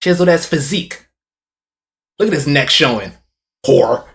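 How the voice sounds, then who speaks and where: A man's voice: fairly high pitch, normal speed, gravelly. A man streaming a game, commenting casually with lots of swearing and jokes. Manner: swearing, excitable, jokey.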